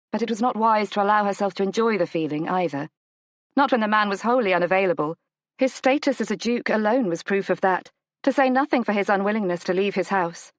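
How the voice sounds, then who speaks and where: A woman narrating a romance audiobook in a measured, gentle storytelling manner. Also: no echo. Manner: measured, gentle storytelling, lifts pitch for the heroine's lines. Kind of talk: scripted narration of a romance novel.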